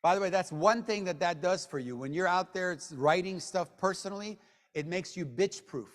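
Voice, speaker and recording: A man giving a motivational sales training talk to a room of people, joking, and swinging between low mutters and loud bursts. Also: normal speed. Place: meeting room with an audience. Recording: long hall reverb.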